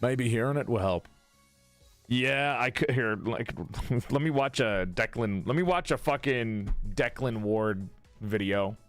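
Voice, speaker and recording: A man's voice: medium pitch, unhurried, clear, resonant tone, no echo, faint music behind. A male live streamer in casual chat who laughs, swears, greets his viewers and keeps repeating one line to practice an accent.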